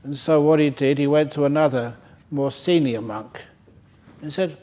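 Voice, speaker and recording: A man's voice: fairly high pitch, normal speed, warm tone. An older man giving a humorous Dharma talk at a meditation retreat, telling stories and chuckling often. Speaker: meditation teacher. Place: retreat centre hall.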